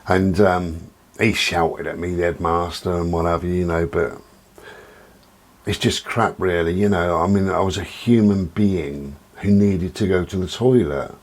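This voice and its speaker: A man's voice: low-pitched, breathy edge. A man talking frankly in a rambling personal monologue, swearing now and then. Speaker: vlogger.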